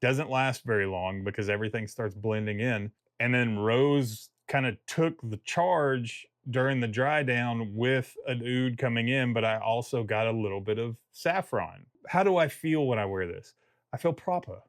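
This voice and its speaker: A man gives a casual video review of a fragrance, rambling, joking, and often breaking off mid-thought. He speaks at normal speed in a mid-range voice with few pauses, and the recording is dry with clean studio sound.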